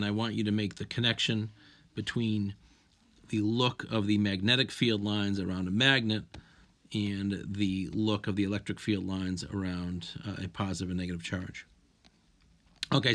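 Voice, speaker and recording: A man's voice: fairly low pitch, fairly bright tone. A man teaching a recorded online science lesson, walking students through slides in an explanatory way, often restarting phrases. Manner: explanatory, with frequent restarts and "if you will".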